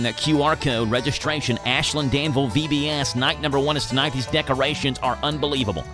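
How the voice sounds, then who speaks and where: A man's voice: medium pitch, quick pace, few pauses, music in the background. A man hosting a morning radio show, talking casually and walking through points one by one. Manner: chatty, explains in numbered points. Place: radio studio. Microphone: studio microphone.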